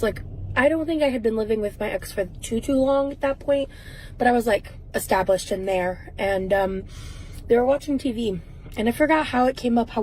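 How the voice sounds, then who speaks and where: A woman's voice: on the high side, a little mellow, a little hiss or hum, poor audio. Rambling woman telling a personal story. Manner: rambling, many fillers and restarts. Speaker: vlogger in a clip.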